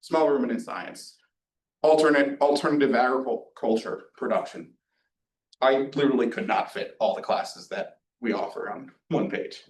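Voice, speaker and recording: A man's voice: mid-range voice, moderate pace. Young man talking casually in an echoey room. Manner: informal, chatty, lots of ums and asides. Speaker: student presenter at a career night. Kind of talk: casual slideshow presentation. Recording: echoey room, distant mic.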